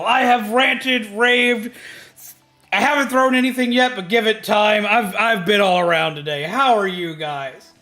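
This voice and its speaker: A man streaming a game, chatting casually with his viewers, ranting with lots of energy, swearing freely and shouting greetings to his chat. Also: high-pitched, measured pace.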